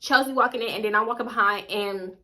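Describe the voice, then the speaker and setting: A woman casually telling a personal story to her viewers, candid and animated, with frequent asides. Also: on the high side, fast. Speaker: storytime vlogger.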